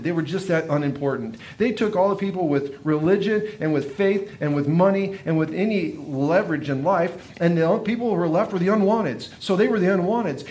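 High-pitched guy preaching, earnest, repeats himself, gets soft on the big points. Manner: earnest preaching, repeats phrases, drops to quiet emphasis. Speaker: pastor. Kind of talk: sermon.

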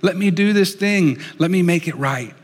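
A man's voice: high-pitched, animated, moderate pace, long reverb tail, voice pushed up. A man voicing a desperate grieving woman. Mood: pleading. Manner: desperate, pleading. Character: grieving woman pleading at a tomb.

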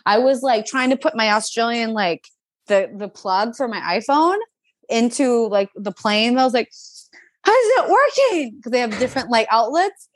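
A woman in her twenties telling a personal story in a casual, animated, chatty way, full of fillers. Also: a little high, moderate pace, dry recording.

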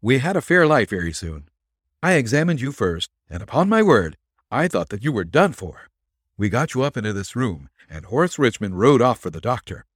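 A man reading a detective story aloud, voicing an excitable young male sidekick who tells his tale eagerly and with emphasis. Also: medium pitch, moderate pace, slightly rough, no room sound, studio quality, pitched above the performer's own voice. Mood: excited.

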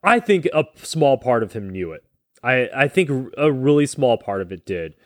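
A man co-hosting a casual podcast about a movie, talking in a rambling, halting way with restarts, sometimes getting emotional. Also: mid-range voice, sing-song, no room sound, studio quality. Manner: gets emotional in places. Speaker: podcast co-host.

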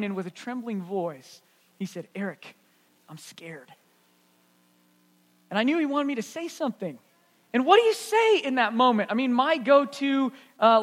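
A man's voice: very high-pitched, a bit bright, long reverb tail. A man pastor telling a story in an earnest, conversational sermon.

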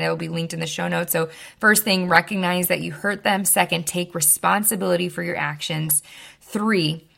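A young woman hosting an advice podcast, explaining steps in a calm, instructive way and repeating key points slowly. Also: on the low side, gravelly. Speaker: podcast host.

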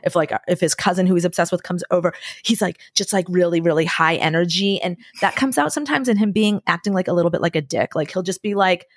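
A woman in her forties talking as a podcast guest, telling candid stories with lively acted-out quotes and casual swearing. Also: fairly low pitch, fast, few pauses, dry recording, studio quality. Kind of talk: candid conversational storytelling.

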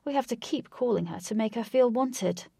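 A woman's voice: on the high side, animated, normal speed, creaky, warm tone, breathy edge, dry recording, studio quality, voice pushed up, heavily acted. A woman voicing a teasing young man who jokes with his friends in a storybook reading. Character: teasing young male leader with a pet cat.

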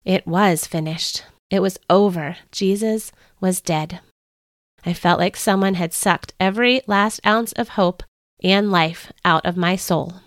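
A woman's voice: on the low side, a little slow, no echo. Woman podcast host reading her devotional story, earnest, dry close mic. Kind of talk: scripted first-person story narration.

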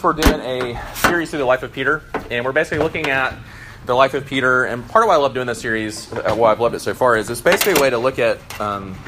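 A man's voice: mid-range voice, a bit bright, a little hiss or hum. A man in his thirties preaching a sermon to a gathered audience, earnest and conversational, with frequent fillers and restarts. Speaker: pastor. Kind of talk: sermon with scripture reading.

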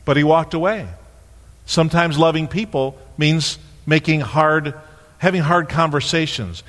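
A man preaching a sermon as a pastor, telling stories with lively acted-out voices. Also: sits high. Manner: animated storytelling, acting out voices. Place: church sanctuary. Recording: long hall reverb.

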